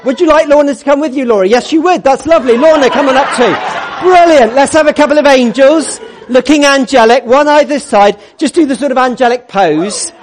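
A man's voice: very high voice, a little fast, a crowd in the background, noisy background. A man leading a church congregation, upbeat and jokey as he coaxes people into place. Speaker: church service leader.

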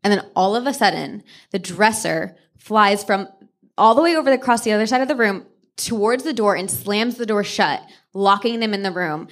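A woman co-hosting a podcast live on stage, retelling a true ghost story with lively asides and quick character voices. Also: medium pitch. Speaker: podcast co-host. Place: on stage before a live audience.

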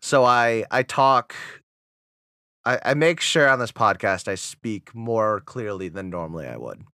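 A man's voice: on the low side, animated, measured pace, pushed and bright, smooth, dry recording, studio quality. A man with a New England accent co-hosting a podcast, talking in a slurred, mumbly way and laughing often. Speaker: podcast co-host. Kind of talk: casual podcast chat and reading.

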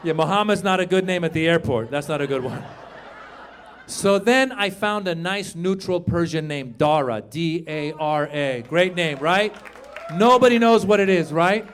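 A man from Iran performing an animated stand-up comedy set on a club stage, shouting some punchlines. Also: on the high side, moderate pace, some chatter behind, a little hiss or hum. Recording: live club recording with audience.

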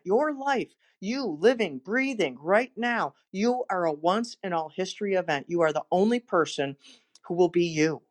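A woman's voice: on the low side, expressive, moderate pace. A woman, a motivational speaker and podcast host, giving an encouraging inspirational talk and telling stories. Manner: warm encouraging storytelling.

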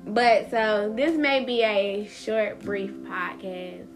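A candid woman hosts her own podcast, talking straight to her listeners with a loose, profane delivery where the words run together. Clear plucked guitar music plays behind her throughout. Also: medium pitch, slow pace. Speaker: podcast host. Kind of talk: casual solo podcast monologue.

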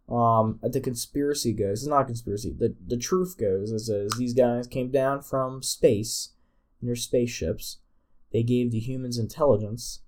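A man's voice: medium pitch, darkish tone. A man hosting a solo podcast, rambling and joking with many restarts. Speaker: podcast host.

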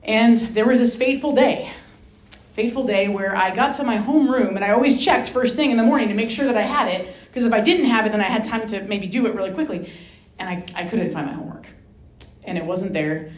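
A woman from Rhode Island speaks as a guest, telling a personal story with a lively, self-mocking touch and acting out the voices of the people in it. Her voice sits at a middle pitch. The sound carries a roomy echo. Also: brisk. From Rhode Island, USA. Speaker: guest speaker, Franciscan sister. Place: hall with an audience.

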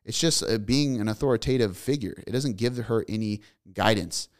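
A man's voice: lowish voice, moderate pace. A man in his thirties hosting a solo motivational podcast, talking bluntly and emphatically in repeated lists, with casual swearing. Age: 30s. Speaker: podcast host.

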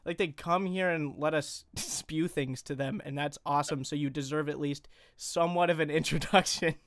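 A man's voice: on the high side, steady tone, fairly bright tone, no room sound, clean studio sound. A young man hosting a casual podcast, chatty and teasing as he introduces guests. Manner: joking, chatty, quick to tease. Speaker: podcast host.

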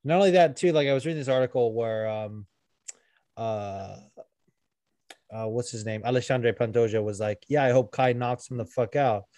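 A man's voice: medium pitch, normal speed, dark tone, no echo. A young man co-hosting a podcast, chatting casually and profanely about fights with lots of filler words. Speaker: podcast co-host.

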